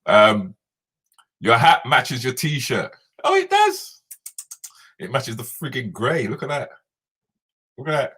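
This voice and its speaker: A man's voice: medium pitch, a little slow, pauses often, bright, forceful tone, husky. A man hosting a casual live stream, chatting and laughing as he answers viewer comments.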